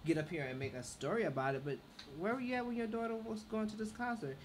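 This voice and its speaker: A man's voice: sits high, quick pace, slight background noise. A man co-hosting a radio talk show, giving his opinion in an emphatic way.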